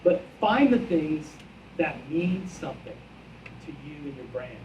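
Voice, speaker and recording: Man, executive at a conference, animated storyteller, roomy hall, heard from a distance. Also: fairly high pitch, unhurried, muffled recording, slight background noise. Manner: animated anecdote, acts out both sides of dialogue; casual, a bit brash, self-mocking. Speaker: brand executive speaker. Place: conference hall with live audience.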